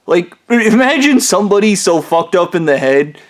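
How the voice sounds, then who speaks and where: A man's voice: sits high, very animated, moderate pace. A man talking straight to the camera in a rambling personal monologue, ranting in an agitated, profane way and often restarting his sentences. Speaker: vlogger.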